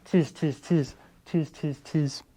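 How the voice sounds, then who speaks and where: A man's voice: a little high, fairly even intonation, takes it slowly, mellow, a little hiss or hum, voice pushed up. A man doing chattering teasing monkeys. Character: mischievous mimicking tree monkeys.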